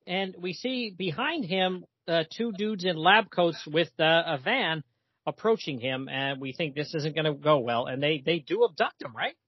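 A man's voice: a little high, expressive, moderate pace, husky, dry recording, lo-fi sound. A man co-hosting a comics podcast in casual chat, talking in a hesitant, chatty way with many fillers.

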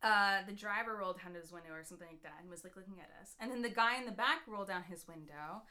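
Bright-voiced American woman telling a story. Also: mid-range voice, fast. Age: 20s. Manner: rambling, heavy "like" fillers, swears freely. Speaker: podcast host. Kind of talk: casual storytelling chat.

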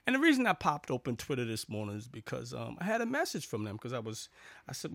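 Gravelly, animated man vlogging. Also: mid-range voice, fast, dry recording. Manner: chatty, sarcastic storytelling with frequent fillers and restarts. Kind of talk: casual rambling vlog monologue.

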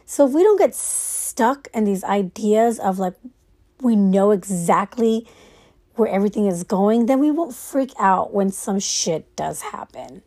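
A woman talks slowly through a late-night reflective monologue while lying in bed. Her voice is warm and mellow, and her manner is loose and rambling, with casual swearing as she works through her thoughts. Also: medium pitch, expressive.

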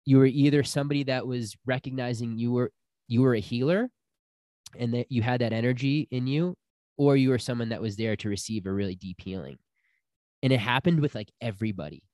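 A man's voice: medium pitch, a little fast, no echo, studio quality. A young man telling a personal story in casual chat, acting out the people he quotes. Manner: animated storyteller, acts out quotes.

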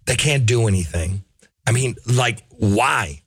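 A middle-aged man hosts a casual podcast, ranting in a profane, animated way. His pitch leaps up and down expressively. The sound is dry and close, with no room echo. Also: slow pace, husky. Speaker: podcast host. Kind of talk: casual opinionated chat.

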